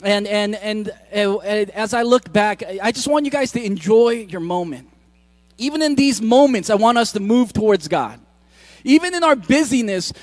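Male pastor, middle-aged, high register, close dry sound; chatty sermon delivery that stumbles and restarts. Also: no room sound. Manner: conversational, joking asides with frequent restarts. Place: church.

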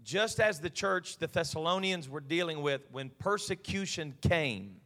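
A man's voice: a little high, lively intonation, unhurried, sharp tone. A man preaching an evening sermon as pastor, emphatic and pleading, often asking his listeners whether they follow him. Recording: long reverb of a large hall.

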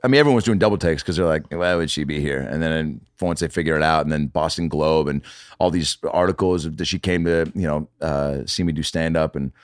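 Telling stories as a podcast guest, this man swears plenty and performs the quotes, keeping the chat casual and animated. He has a bass voice, talks fairly quickly, and the studio-quality recording has no echo.

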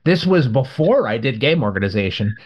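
A man's voice: medium pitch, fairly quick. A man co-hosting a podcast, telling a gaming story in casual chat and acting out the people in it. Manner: animated storyteller, acts out quoted voices. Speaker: podcast co-host. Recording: dull lo-fi sound.

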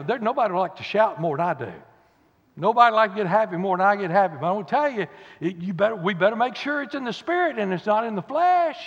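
A man preaching a fiery revival sermon in a folksy way, dropping to low murmurs and rising to loud cries. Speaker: pastor. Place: church sanctuary. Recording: dull recording in a big reverberant church.

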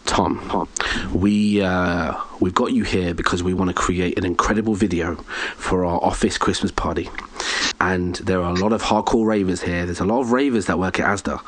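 Guy playing a corporate client giving a brief, lower than usual, earnest and measured. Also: steady tone, dry recording.

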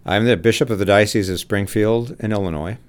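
A man's voice: lowish voice, brisk, smooth. A man, a bishop, recalling his childhood in an interview in an earnest, reminiscing way. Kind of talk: reflective interview.

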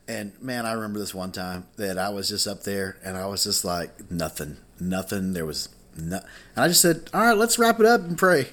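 A man who is a pastor, co-hosting a podcast, talking casually and laughing often as he tells stories. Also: lowish voice. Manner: animated, laughs often, repeats words.

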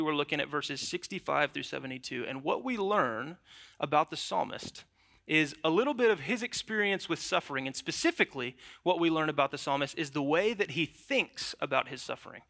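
A young man preaching a sermon, opening with a lively, conversational personal story before moving into scripture. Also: a little high, fairly quick, vocal fry. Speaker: pastor. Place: church.

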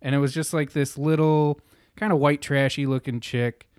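A man's voice: a little high, normal speed, clean tone, no room sound, clean studio sound. A young adult man telling a rambling, profane story in casual chat. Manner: rambling, profane, animated retelling.

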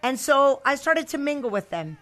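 Bright, chatty woman host. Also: high voice, sing-song, normal speed, faint music behind. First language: Spanish. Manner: chatty, playful storytelling. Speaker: radio host. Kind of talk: casual bilingual interview.

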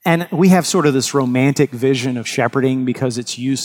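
A man's voice: medium pitch, a little fast, a little mellow. A man preaching a sermon as pastor, earnest and emphatic, often restarting his words.

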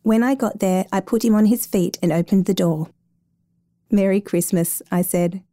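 A woman reading a story aloud, narrating as an adoption caseworker, in a calm, measured way. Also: medium pitch, no echo.

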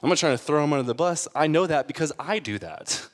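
A man's voice: fairly high pitch, expressive, fast talker, big-room sound. A man preaching a sermon in an earnest, conversational way, building to emphatic peaks. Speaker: pastor.

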